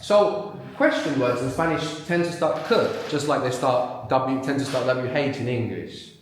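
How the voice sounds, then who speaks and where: A man leading a live workshop, prompting the audience with questions and explaining in quick bursts. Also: mid-range voice, a little hiss or hum. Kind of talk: live classroom teaching. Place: large room with a live audience. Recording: very echoey room.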